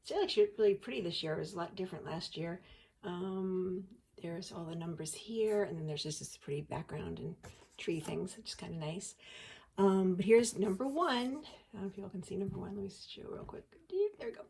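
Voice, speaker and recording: A woman's voice: on the low side, brisk, creaky, a little mellow, slight background noise. A woman hosting a casual unboxing chat, talkative and giggly as she thinks aloud. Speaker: host.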